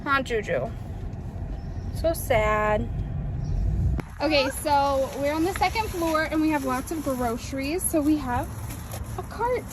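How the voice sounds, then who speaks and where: A young woman vlogging her day on a phone camera, chatty and giggly, sometimes squeaking out quotes. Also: lively intonation, a little slow. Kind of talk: casual day-in-the-life vlog chat. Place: home and out on errands. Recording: noisy handheld phone recording.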